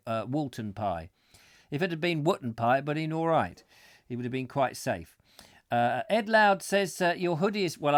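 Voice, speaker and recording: A man's voice: mid-range voice, no room sound, clean studio sound. A middle-aged man hosting a comic live chat show, rambling playfully through viewer comments with mock-macabre asides. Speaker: host.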